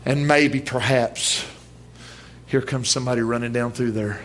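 A male preacher delivers a sermon to a church congregation. He talks in a folksy, plain-spoken way and leans hard on his emphasis. His voice sits at an ordinary middle pitch for a man. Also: steady tone, measured pace, a bit bright. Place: church service.

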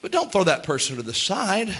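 A man's voice: high-pitched, huge pitch swings, brisk, a bit bright, husky. A man preaching a sermon with impassioned delivery, acting out the lines of Bible characters.

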